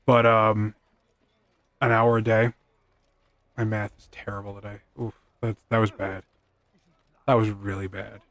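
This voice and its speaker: A man's voice: lowish voice, flat delivery, unhurried, long pauses, fairly bright tone. A man streaming a video game, rambling through casual commentary with self-deprecating quips and chatting to his in-game horse. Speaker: gaming streamer.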